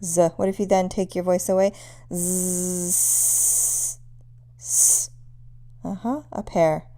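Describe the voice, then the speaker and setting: A woman's voice: mid-range voice, fairly even intonation, moderate pace, mellow. A woman teaching a pronunciation lesson, patiently demonstrating sounds one at a time. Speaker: language teacher.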